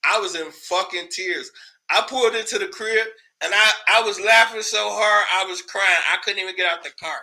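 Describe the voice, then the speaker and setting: A man's voice: high-pitched, normal speed, bright, forceful tone. A man hosting a casual commentary show, ranting in a loose, profane way, laughing often and repeating words when worked up.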